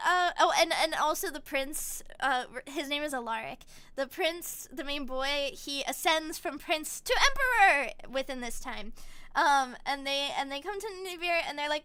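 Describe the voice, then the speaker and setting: A young woman streamer in casual chat, with a high, bright voice. She retells things in an animated way, slipping into quick voices with giggles. The sound is dry and close to the mic. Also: dry recording.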